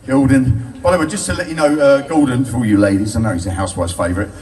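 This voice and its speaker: Speaking fast in a mid-range, darkish voice, an older English man performs live stand-up storytelling in a bar, cracking himself up over his crude and cheeky tales. The audience recording sounds distant.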